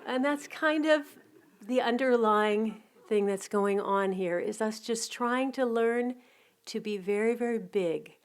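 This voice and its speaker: A middle-aged woman giving a reflective spiritual talk, telling anecdotes in a gentle, unhurried way with soft restarts. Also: on the high side, clean tone. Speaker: spiritual community teacher.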